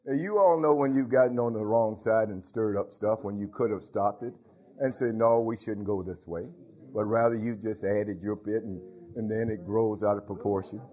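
A man's voice: on the low side, normal speed, highs cut off. A man preaching a folksy sermon as pastor, talking straight to his congregation and dropping in hallelujahs. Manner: folksy, talks to congregation, frequent hallelujahs and laughs.

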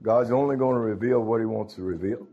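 A man's voice: lowish voice, fairly quick, lo-fi sound. A man preaching a sermon, calling out to his congregation. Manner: folksy, calls out to the congregation.

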